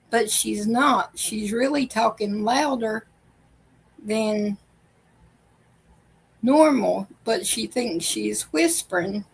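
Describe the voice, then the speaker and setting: A woman's voice: fairly high pitch, gravelly, husky, poor audio. A woman hosting a casual reaction vlog, telling family stories in a chatty way and laughing often. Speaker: video host.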